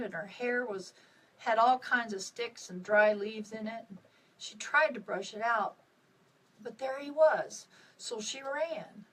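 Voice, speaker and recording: A woman author reading her own novel aloud on a live stream, with expressive dips and rises. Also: a little high, far from the mic, low-quality recording. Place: at home on a live video stream.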